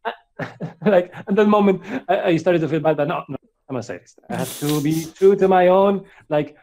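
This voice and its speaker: A man's voice: high-pitched, moderate pace, dark tone, slight background noise. A young man reading a fan fiction aloud for laughs, often breaking into giggles as he comments. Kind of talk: comedic dramatic reading with commentary.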